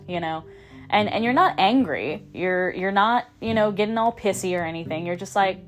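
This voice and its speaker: A woman with a mid-range voice hosts a podcast, giving a casual, upbeat motivational monologue in a coaching tone at a moderate pace. She often repeats and restarts her phrases, and faint music plays behind her.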